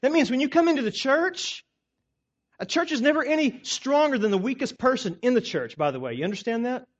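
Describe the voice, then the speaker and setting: High-voiced pastor preaching hard, gets loud then drops real quiet, kinda muffled lo-fi audio. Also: male voice, expressive, fairly quick. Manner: emphatic preaching with sharp rises and quiet drops. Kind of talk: sermon. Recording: dull lo-fi recording.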